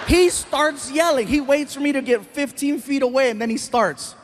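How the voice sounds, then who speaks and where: Man, stand-up comedian, very high voice, animated, self-mocking, faint background noise. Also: normal speed.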